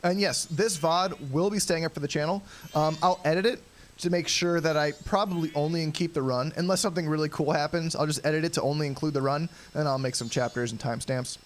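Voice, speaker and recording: A young man casually commenting on his own gameplay during a live stream, rambling and chatty, often clearing his throat. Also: a little high, fast, slight background noise. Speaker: game streamer. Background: game music.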